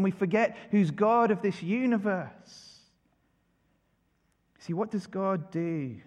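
A man preaching in a sermon, his voice sitting a little high for a man. He leans on rhetorical questions and swells into emphatic declarations. A long reverb trails his words, as in a church hall.

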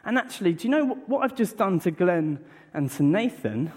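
A man giving a lively children's talk at a church service, acting excited with gasps and questions to the audience. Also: high-pitched, brisk, husky. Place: church hall. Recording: long reverb in a large hall, from a distance.

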